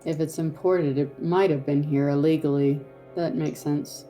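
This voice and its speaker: A woman's voice: low-pitched, fairly even intonation, normal speed, warm tone, faint music behind. Woman, tabletop player, wry, joking, casual chat.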